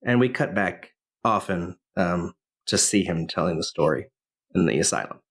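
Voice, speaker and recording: A man's voice: sits low, lively intonation, moderate pace, fairly bright tone. A man co-hosting a podcast, casually retelling a film's plot with lots of fillers and restarts. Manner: rambling, many fillers and restarts. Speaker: podcast co-host.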